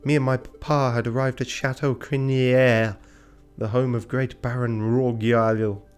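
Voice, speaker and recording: Man voicing a young female cat, naive, prim, sing-song, slightly raised pitch. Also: level tone, measured pace, smooth, faint music behind, lightly acted. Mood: sweet.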